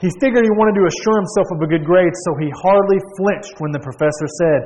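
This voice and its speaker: Male preacher, higher-pitched, storytelling sermon with restarts, long hall echo. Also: quick pace, few pauses, a little mellow. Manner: storytelling, with emphatic repeats and restarts.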